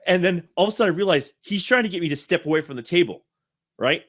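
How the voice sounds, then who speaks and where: A man's voice: sits high, lively intonation, fast talker, fairly bright tone. Rambling man telling a story. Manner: rambling, self-correcting, laughs while telling. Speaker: interview guest. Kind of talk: casual storytelling.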